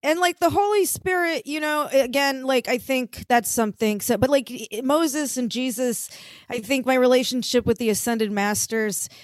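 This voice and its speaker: High-voiced playful woman comedian. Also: moderate pace, dry recording, studio quality. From Florida. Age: 30s. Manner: playful, laughs at her own jokes. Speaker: guest comedian. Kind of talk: stand-up set on a podcast.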